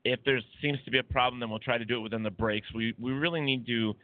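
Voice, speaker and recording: A man's voice: mid-range voice, fairly even intonation, fast, dry recording. A man hosting a talk radio show, chatting casually in a rambling, hesitant way. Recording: dry, phone-like lo-fi audio.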